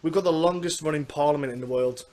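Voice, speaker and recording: Chatty Manx-accented man, higher voice. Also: fast, a little mellow. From Isle of Man. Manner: chatty, rambling, self-deprecating. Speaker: podcast host. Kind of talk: casual interview chat.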